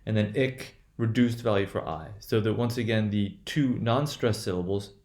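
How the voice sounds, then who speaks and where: A man's voice: on the low side, moderate pace, a little mellow, roomy sound. A man teaching English word stress in a recorded lecture, checking in with "right?" after nearly every point, with lots of fillers and restarts. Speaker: pronunciation teacher.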